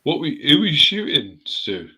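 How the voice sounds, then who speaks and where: A man's voice: a little high, big pitch swings, normal speed, pushed and bright, husky, rough recording. A man telling rowdy anecdotes in a casual chat, swearing freely.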